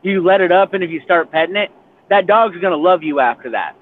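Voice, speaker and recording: Brief: relaxed advice-giving man, fairly high voice, tinny phone line with faint hiss. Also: a little fast. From Arizona. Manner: relaxed, gives folksy advice. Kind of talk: casual chat.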